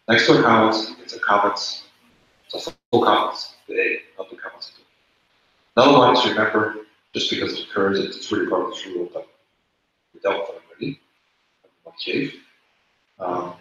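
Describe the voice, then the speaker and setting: In an echoey classroom captured on dull, lo-fi audio with a touch of hiss or hum, a man explains rules step by step and repeats the key points. His voice is on the low side and a bit bright.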